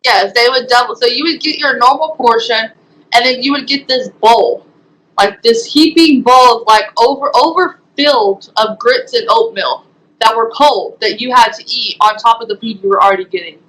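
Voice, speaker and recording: A young woman speaks in a bright, slightly high voice. She recounts her experiences in an interview. She talks hesitantly, full of ums and likes. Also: moderate pace, low-quality recording. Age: young adult. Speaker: guest, former resident. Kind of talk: interview testimony.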